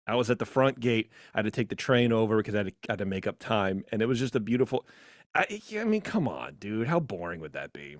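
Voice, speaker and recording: A man co-hosting a podcast in casual, opinionated chat, animated and jumping into high mocking voices. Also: quick pace, no echo, clean studio sound. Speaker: podcast co-host.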